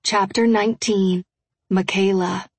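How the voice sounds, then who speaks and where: A woman with a husky, breathy voice reads a first-person audiobook, frank and conversational in tone. The recording is dry and close. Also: mid-range voice, steady tone, unhurried, dry recording. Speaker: audiobook narrator.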